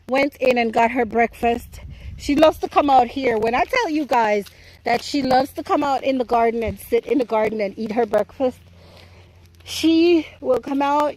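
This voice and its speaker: A woman with a Jamaican accent and a fairly high voice gives a chatty, playful tour of her home garden in a casual vlog. The audio quality is poor.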